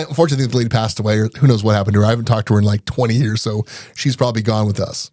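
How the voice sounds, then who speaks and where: A middle-aged man, a guest on a podcast, telling lively anecdotes in a casual interview and often laughing between them. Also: fairly low pitch, slight background noise. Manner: rapid, animated anecdotes broken up by laughter. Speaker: podcast guest, IT business owner.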